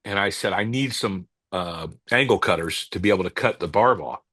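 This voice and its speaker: A man, a cigar company owner and podcast guest, telling stories in a casual interview, halting and restarting as he searches for words. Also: sits low, no room sound. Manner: calm, unhurried anecdote telling.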